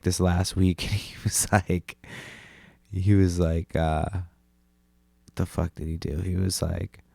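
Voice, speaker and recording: Low gravelly man rambling casually. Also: a little mellow, no echo. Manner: rambling, profane, lots of likes and restarts. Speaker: podcast host. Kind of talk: casual solo podcast rambling.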